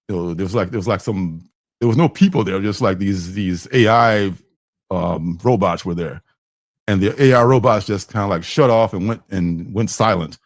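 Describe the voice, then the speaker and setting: A man's voice: on the low side, a little mellow, no echo, studio quality. A man hosting a comic book livestream, chatting casually and rambling with fillers and restarts, sometimes acting out characters' lines.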